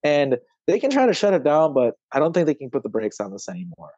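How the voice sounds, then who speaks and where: Podcast guest, man, raised pitch, mellow dull tone, emotional and impassioned. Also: wildly swooping pitch, fast talker, slightly rough, no echo. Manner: impassioned, swearing, rambling with many fillers. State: close to tears. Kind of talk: emotional conversation.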